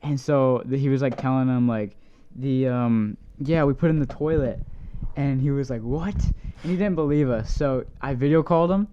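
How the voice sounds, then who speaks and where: A man's voice: medium pitch, moderate pace, dark tone, clear, resonant tone, dull audio. Young man telling a rambling story. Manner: rambling, many "like"s, swears casually. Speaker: podcast co-host. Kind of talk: casual storytelling chat.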